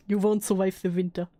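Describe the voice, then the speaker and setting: A woman hosting a stream, chatting in a teasing way and laughing often. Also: medium pitch. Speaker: streamer host. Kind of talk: casual stream chat.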